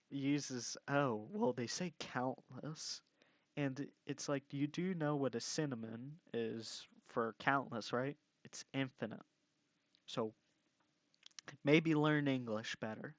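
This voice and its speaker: Exasperated and mocking, a young man on a commentary channel hurls profanity at someone he disagrees with. His voice sits mid-range. It's captured on a dull, dry lo-fi mic with no echo.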